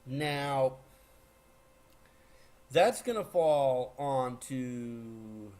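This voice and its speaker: A man giving a casual, rambling movie spoiler recap, excitable, with lots of fillers and restarts. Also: mid-range voice, drawn-out words. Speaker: movie reviewer.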